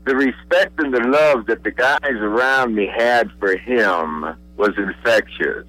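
An older man from Pennsylvania, a radio guest reminiscing, pausing often with uhs and repeated words. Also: fairly low pitch, fairly bright tone, no room sound, low-quality recording. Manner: halting, many uhs and repeated I's. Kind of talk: relaxed reminiscing.

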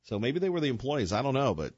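An older man hosts a radio show into a studio microphone, his mid-range voice swinging widely in pitch, fast, a little mellow and husky. He chats casually, joking, rambling, and interrupting himself with asides. The recording is dry and the audio dull.

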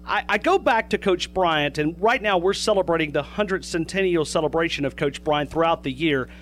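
Higher-voiced radio sports host man. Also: normal speed, fairly bright tone, slight background noise.

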